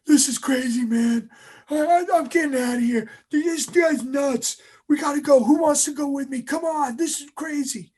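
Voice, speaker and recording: A man acting out a panicking young male recruit who shouts that he is getting out. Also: very high voice, moderate pace, voice pushed up. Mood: frantic. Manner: frantic, shouting.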